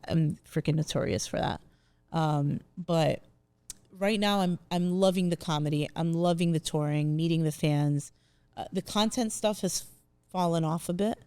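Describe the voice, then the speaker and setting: A woman's voice: deep voice, normal speed, warm tone, clean tone, no room sound. Woman, young adult, comedian, chatty interview guest, casual. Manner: chatty, emotional, laughs through tears.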